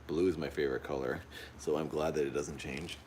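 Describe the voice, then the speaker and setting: A man livestreaming a horror game from a dark room at home, jumpy and easily frightened, repeating his exclamations over and over while recording on a phone. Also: very deep voice, steady tone, a little fast, slight background noise. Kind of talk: live gameplay commentary. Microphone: phone pointed at the TV.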